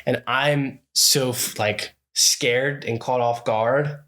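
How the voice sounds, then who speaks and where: A man co-hosting a casual podcast, telling a long story in a lively way, acting out the people in it and swearing freely. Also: mid-range voice, slow pace. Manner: animated storytelling, acting out what others said, frequent swearing. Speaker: podcast co-host.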